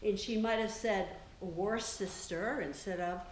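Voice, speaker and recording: A woman's voice: mid-range voice, lively intonation, a little slow, a bit bright. An older woman, an author, telling chatty family stories to an audience and laughing often. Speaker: author giving a talk. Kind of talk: storytelling talk to an audience. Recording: echoey room with faint noise.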